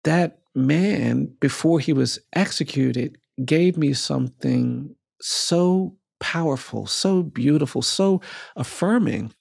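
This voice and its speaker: A man tells a personal story as a guest on a podcast, his voice rough and gravelly with a husky grain. He speaks in an earnest, measured way and lets repeated phrases pile up for emphasis. The sound is close and dry. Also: on the high side, a little mellow, dry recording. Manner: measured, earnest, builds emphasis through repetition.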